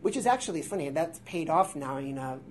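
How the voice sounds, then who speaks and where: Man, 40s, naturally high-pitched voice; self-deprecating, meandering guest storyteller; faint background noise. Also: expressive, fast. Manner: rambling, self-deprecating, with filler words and restarts. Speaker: guest improviser. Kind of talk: casual interview storytelling. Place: theater workshop space before a live audience.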